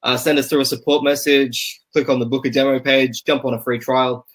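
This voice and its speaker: A man talks as a guest on a podcast, relaxed and easygoing. His voice sits in a middle pitch and stays fairly flat in its melody. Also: fairly quick. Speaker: podcast guest, software company rep. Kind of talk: casual interview chat.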